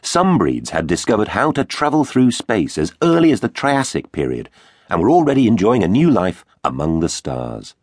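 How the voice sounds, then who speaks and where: A man's voice: fairly low pitch, big pitch swings, moderate pace, dry recording. A man narrating a children's audiobook in a playful, theatrical way. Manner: theatrical, playful storytelling with big swings. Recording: dry studio booth.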